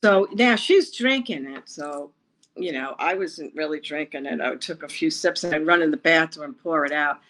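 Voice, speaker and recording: A woman from Long Island, New York, recounting her past in an interview, with a halting, rambling, emotional way of telling it. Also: deep voice, a bit bright, rough recording. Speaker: interview guest. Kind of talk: personal storytelling interview.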